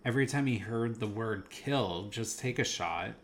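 A man's voice: on the low side, moderate pace, slight background noise. A man chatting casually about a movie he saw, enthusiastic and rambling, laughing now and then. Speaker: movie podcast co-host. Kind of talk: casual movie review chat.

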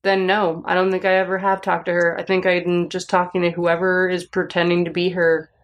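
A woman's voice: on the low side, completely flat delivery, fairly quick. A woman in casual chat, mostly reacting with short interjections and questions.

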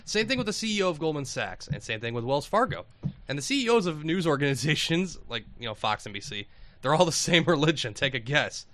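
A man's voice: a little high, very animated, quick pace, fairly bright tone. A man hosting a casual group podcast, reading out listener questions and laughing often between remarks. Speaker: podcast host.

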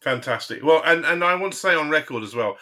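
A man co-hosting a casual chat, teasing and quick to laugh. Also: on the high side, animated, sharp tone. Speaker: podcast co-host.

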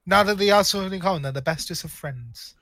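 A man's voice: high voice, fast talker, a bit bright, dry recording. A man co-hosting a casual film review podcast, blunt and sarcastic, with frequent swearing. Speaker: podcast co-host.

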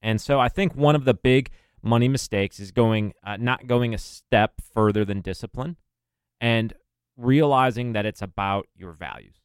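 A man co-hosts a money podcast, talking in a relaxed way and thinking aloud. His voice is smooth and clear, at a middle pitch. The recording is dry and close. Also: moderate pace, no room sound. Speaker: podcast co-host. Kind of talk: casual podcast talk on money.

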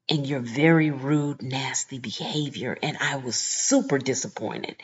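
A woman hosting a podcast, telling a story in an animated, indignant way and acting out the people in it. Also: low-pitched, highs cut off. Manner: animated, indignant storytelling with lively quoted voices. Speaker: podcast host. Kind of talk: casual storytelling monologue.

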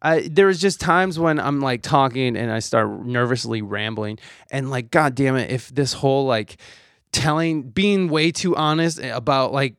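A man's voice: medium pitch, a little slow, a bit bright, dry recording, clean studio sound. A young man hosting a podcast, talking in a rambling, profane, self-deprecating way. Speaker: podcast host. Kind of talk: casual solo chat.

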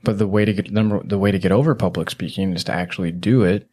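A man's voice: deep voice, fairly even intonation, fast talker, dark tone, breathy edge. A male podcast host explaining ideas in a rambling, teasing way, with lots of filler words. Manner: rambling, teasing, heavy "you know" fillers. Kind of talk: casual conversational explaining.

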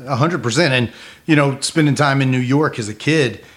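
A man's voice: medium pitch, moderate pace, a bit bright. A man from Virginia and Kentucky with a Southern accent, co-hosting a casual chat in a laid-back way and laughing often. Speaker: podcast co-host.

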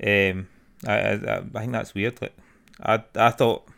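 A man's voice: fairly low pitch, fairly even intonation, unhurried, gravelly, fairly bright tone, clean tone. A man chatting casually on a podcast, rambling and swearing with lots of fillers. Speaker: podcast co-host. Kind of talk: casual chat.

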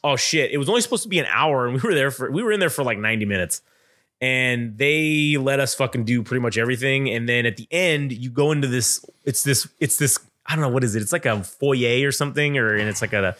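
A man's voice: mid-range voice, quick pace, a bit bright. A man hosting a podcast, telling a story in casual chat, swearing freely and acting out what other people said. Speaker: podcast host.

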